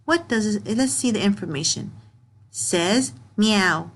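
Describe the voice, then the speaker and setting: A woman teaching young pupils in a recorded grammar lesson, reading sentences aloud slowly word by word and patiently repeating herself. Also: mid-range voice, expressive. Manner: repeats and restarts phrases.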